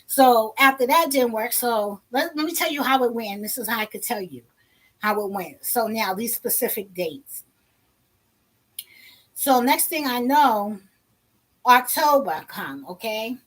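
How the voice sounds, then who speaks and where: Woman vlogging a story, kinda high voice, blunt and lively, no filter. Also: measured pace. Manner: animated, blunt and profane, acts out quotes. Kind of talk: casual storytelling to camera.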